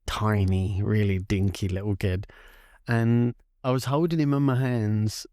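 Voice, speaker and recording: Animated man telling a story. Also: measured pace, dry recording, studio quality. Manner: animated, acts out voices with big pitch jumps. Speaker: podcast co-host. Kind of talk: casual storytelling chat.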